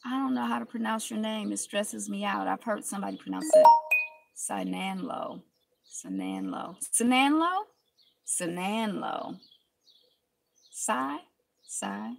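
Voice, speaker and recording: Chatty woman with a cold, gravelly voice. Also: mid-range voice, animated, normal speed, darkish tone. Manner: chatty, greets viewers by name, laughs often. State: has a cold. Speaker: live-stream host. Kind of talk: casual live-stream chat. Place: inside a car.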